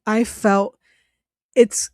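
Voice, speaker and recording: A woman's voice: medium pitch, flat delivery, no echo. Emotional woman telling a story, dry sound. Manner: emotional, laughs often while telling, halting restarts. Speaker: channel host. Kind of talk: casual personal storytelling.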